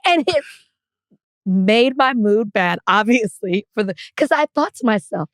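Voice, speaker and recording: A female podcast co-host spins a story with frequent laughter, animated and casual. Her voice is medium in pitch at a moderate pace, in a clean studio recording with no echo.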